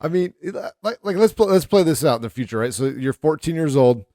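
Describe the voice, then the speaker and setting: A man's voice: a little high, fast, no echo, clean studio sound. A middle-aged man co-hosting a podcast, telling rambling stories with lots of fillers in casual chat. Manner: rambling, animated storyteller with many fillers. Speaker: podcast co-host.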